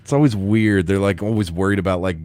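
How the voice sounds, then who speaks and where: A man's voice: low-pitched, steady tone, fast, darkish tone. A man hosting a morning radio show, upbeat and playful, who laughs easily with his co-hosts. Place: radio studio.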